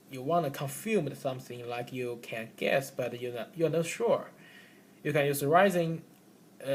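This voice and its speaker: Slow, halting man explaining rules. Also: medium pitch, slight background noise. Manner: halting, with many fillers and restarts. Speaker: student giving a class recap. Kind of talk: classroom presentation explaining rules.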